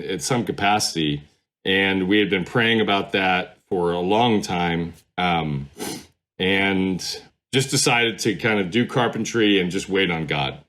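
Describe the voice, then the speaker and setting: Middle-aged man, low register, loose conversational storyteller who circles back and restarts. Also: fairly bright tone. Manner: rambling, many fillers and restarts. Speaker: podcast guest, former pastor. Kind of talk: casual storytelling interview.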